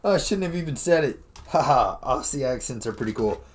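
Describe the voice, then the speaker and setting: An excitable man co-hosting a laid-back podcast, his voice jumping up and down in pitch as he chats. He talks casually, tossing in "dude" and the odd swear word. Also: a little fast. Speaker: podcast co-host. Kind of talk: casual chat.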